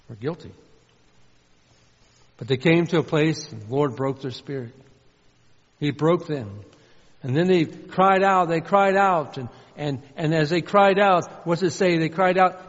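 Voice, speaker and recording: Male preacher, somewhat high voice, earnest sermon delivery, muffled recording with long hall reverb. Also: measured pace, long pauses. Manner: earnest, swings between loud emphasis and soft low asides.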